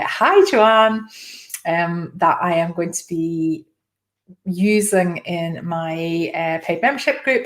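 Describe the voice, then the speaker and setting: A woman hosting a live stream, chatting casually and rambling a little, her throat slightly strained. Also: fairly low pitch. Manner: chatty, rambling, greets viewers by name. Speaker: host.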